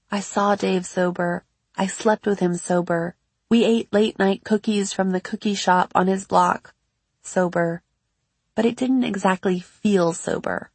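A woman reading her own memoir aloud in a measured, reflective first-person narration. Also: mid-range voice, darkish tone, breathy edge, dry recording. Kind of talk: scripted audiobook narration.

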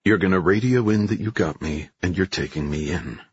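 A man narrating who voices a calm, controlled gunman in clipped, low lines. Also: fairly quick, husky, dry recording, highs cut off. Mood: cool. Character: cool, controlled male gunman, calm and terse.

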